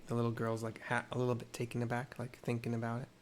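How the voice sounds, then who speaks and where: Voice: medium pitch, monotone, quick pace, darkish tone, a little hiss or hum. A gamer casually narrating a story game and describing what is on screen, with offhand, self-mocking asides.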